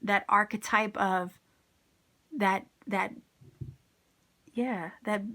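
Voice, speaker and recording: A woman's voice: on the high side, steady tone, slow pace, pauses often, bright, forceful tone. A woman giving a casual tarot reading to her viewers, enthusiastic and encouraging, with plenty of slang. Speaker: tarot reader.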